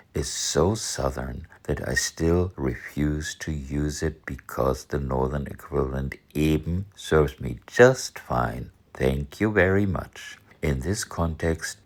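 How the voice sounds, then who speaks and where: A man from northern Germany with an extremely deep, gravelly voice and a husky edge. He talks slowly, in a dry, measured lesson tone, explaining words one by one. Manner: dry, measured, with example sentences read in German. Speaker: language educator.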